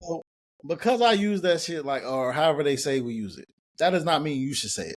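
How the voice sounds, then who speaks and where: Fast-talking animated young man. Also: fairly high pitch. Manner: animated, emphatic, swears freely. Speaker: podcast co-host. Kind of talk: casual group discussion.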